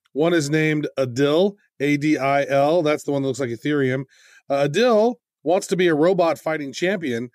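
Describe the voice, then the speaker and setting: A man co-hosts a casual podcast in a voice a little higher than most men's. He sounds chatty and enthusiastic. The recording is dry and close. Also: darkish tone, no echo. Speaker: podcast co-host.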